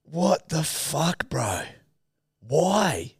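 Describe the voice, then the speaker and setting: Give me a laid-back young man co-hosting a podcast, very animated pitch and a dry, close sound. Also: drawn-out words, vocal fry, breathy edge, no echo. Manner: laid-back, swearing, laughs often. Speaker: podcast co-host. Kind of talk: casual chat.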